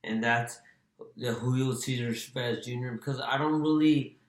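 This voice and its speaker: A man who used to box, co-hosting a podcast in relaxed, agreeable chat. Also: mid-range voice, normal speed, roomy sound. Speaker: podcast co-host, former boxer. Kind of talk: casual sports chat.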